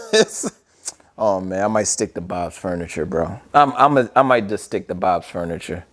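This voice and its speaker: A man's voice: deep voice, moderate pace. A man hosting a casual home product review vlog, chatting straight to viewers as he unboxes furniture at home. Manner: chatty, addresses viewers directly, frequent "you guys" and "bro".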